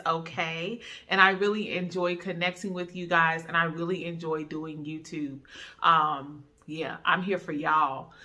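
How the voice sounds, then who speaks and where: A young woman with a North Carolina accent talking casually to the camera in a sit-down vlog, chatty and relaxed, calling her viewers y'all. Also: fairly low pitch. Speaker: YouTuber, travel x-ray tech.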